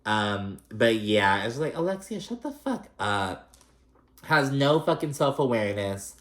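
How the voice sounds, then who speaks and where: Brief: male recap vlogger, mid-pitched, catty and sweary, loose chatty delivery, room echo. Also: very animated, measured pace. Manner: chatty, gossipy and profane, with frequent fillers. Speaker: reality TV recap host. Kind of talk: casual recap commentary. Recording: roomy echo.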